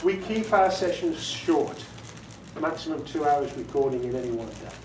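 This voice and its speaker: An animated man with a slightly high voice speaks at a moderate pace over background noise. His casual audiobook narration workshop, delivered to a group in a meeting room, is chatty and self-amused, full of laughter and demonstrated inflections. The distant mic picks up an echoey room.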